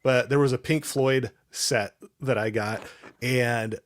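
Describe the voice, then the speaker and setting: A man's voice: mid-range voice, steady tone, slow, no room sound, studio quality. A man hosting a casual livestream chat, rambling, laughing often and reading viewers' chat messages aloud. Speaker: host.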